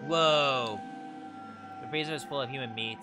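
A man's voice: mid-range voice, moderate pace, music in the background. A man streaming a game, reading its text aloud and reacting with casual swearing. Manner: swears freely, excitable reactions. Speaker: VTuber streamer.

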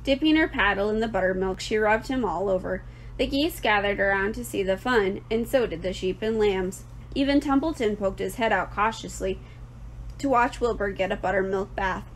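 A woman teacher reading a children's book aloud with clear, expressive storytelling. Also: mid-range voice, moderate pace, slight background noise.

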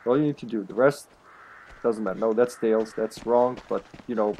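A man live-streaming a video game, chatting casually, laughing often and greeting viewers loudly by name. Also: on the low side, normal speed, a little hiss or hum.

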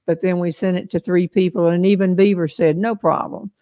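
A woman's voice: fairly low pitch, fairly even intonation, fairly quick, dark tone. Chatty older Southern woman. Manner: chatty, folksy, laughs often. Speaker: host. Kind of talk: casual live-stream chat.

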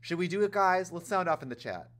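A man hosting a casual gaming livestream, chatty and animated, talking straight to his chat in a campy, playful way. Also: sits high, fairly quick. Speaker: livestream host playing a life-sim game.

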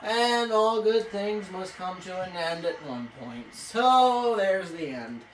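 A woman commentating her own video game play, excitable, swearing and yelling at the screen. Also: fairly low pitch, slow. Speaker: gaming video creator. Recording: echoey room, off-mic, faint hiss.

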